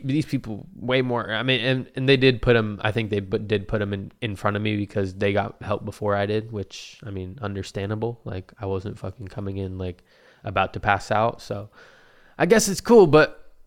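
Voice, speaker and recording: A young man telling a rambling, profane story in a casual monologue, often laughing at his own asides. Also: on the low side.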